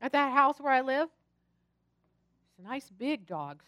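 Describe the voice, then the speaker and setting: A woman pastor preaching a sermon, telling personal stories in an animated, chatty and humorous way. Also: sits high, a little slow, dry recording, muffled recording.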